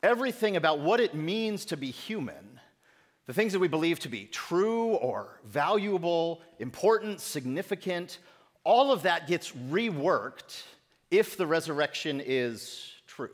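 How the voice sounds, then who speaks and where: A man's voice: a little high, very animated, a little slow. A middle-aged man preaching a sermon as pastor, in a conversational way with self-deprecating humor. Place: church sanctuary. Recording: echoey church sanctuary.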